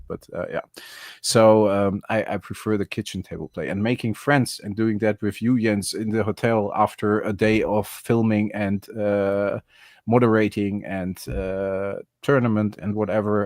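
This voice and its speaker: Rambling German-accented man, low voice. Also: no room sound. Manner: rambling and animated, many fillers and restarts. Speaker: host of a card game channel. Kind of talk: casual live stream chat with friends. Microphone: video call.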